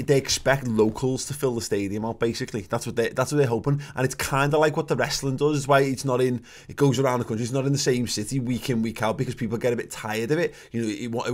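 A man, co-hosting a podcast in casual chat, ranting and swearing with many restarts. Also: mid-range voice. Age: 30s. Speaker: podcast co-host.

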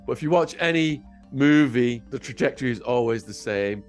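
An English man recounts his life with vivid drama, his voice at a middle pitch. Faint music plays softly underneath. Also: brisk. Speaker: interview guest. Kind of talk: dramatic personal storytelling.

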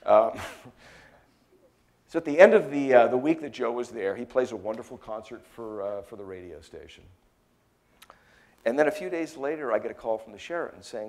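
A middle-aged American man giving a talk, telling lively anecdotes in a chatty way with plenty of fillers. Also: fairly low pitch.

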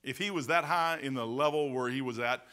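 A man's voice: mid-range voice, brisk, sharp tone, clear, resonant tone. A man with a Midwestern American accent, preaching a sermon as pastor in a folksy, emphatic way full of rhetorical questions.

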